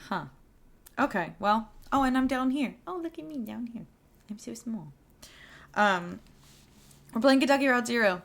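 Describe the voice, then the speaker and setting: A woman's voice: on the high side, animated, normal speed, gravelly, long pauses, fairly bright tone. A woman streaming a video game live, chatting casually and a little tired, with a rambling way of talking full of fillers and restarts. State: tired, yawning. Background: faint buzzing of lights.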